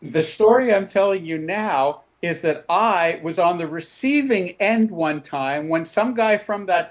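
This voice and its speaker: A man chatting as a guest on a talk show, telling a story in a relaxed way. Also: high voice. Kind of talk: casual chat.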